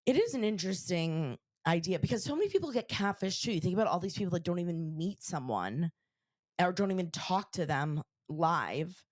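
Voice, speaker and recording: A woman co-hosting a podcast, chatting casually and stringing her thoughts together with constant "like"s. Her voice sits low for a woman, and the recording is dry and close. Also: brisk, dry recording. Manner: chatty, many "like" fillers, animated retelling. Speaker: podcast co-host. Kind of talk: casual chat.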